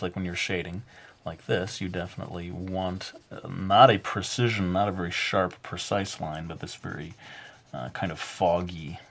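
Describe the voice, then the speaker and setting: A man narrating a drawing tutorial in a halting, easygoing way, with many filler words and light jokes. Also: low voice. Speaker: drawing instructor.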